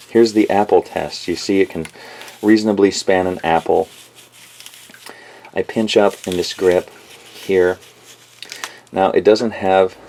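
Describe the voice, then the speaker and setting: A man's voice: low-pitched, darkish tone, slight background noise. A man reviewing a knife in a home kitchen, talking in a rambling, profane, self-mocking rant to camera.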